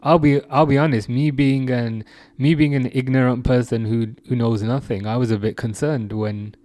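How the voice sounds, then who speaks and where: A man's voice: mid-range voice, steady tone, moderate pace, a little mellow, no room sound. A man casually hosting a football livestream, reading viewer comments aloud and laughing often. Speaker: livestream host reading chat.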